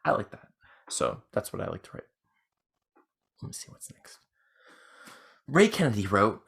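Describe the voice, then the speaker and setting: A drunk man hosting a podcast, rambling through a casual monologue with halting restarts and self-deprecating asides. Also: mid-range voice, wildly swooping pitch, gravelly, a bit bright. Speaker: podcast host.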